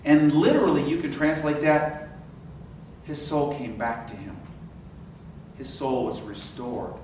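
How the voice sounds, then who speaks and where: A man in his sixties preaching a sermon, telling stories and dropping to soft meditative tones. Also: mid-range voice, fairly even intonation, a little slow, background noise. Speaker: minister. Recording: very echoey hall, mic far off.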